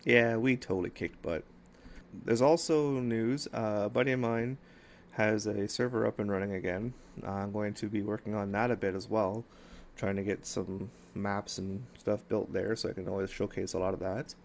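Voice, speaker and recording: A middle-aged man with a low, gravelly voice chats casually to his viewers, rambling along with plenty of fillers. He sounds like he is outdoors, with faint ambient noise in the background. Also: fairly even intonation, moderate pace. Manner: rambling, many "uh" fillers, affectionate shout-outs. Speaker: gaming YouTuber. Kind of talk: casual vlog talk to viewers. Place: outdoors at sunset.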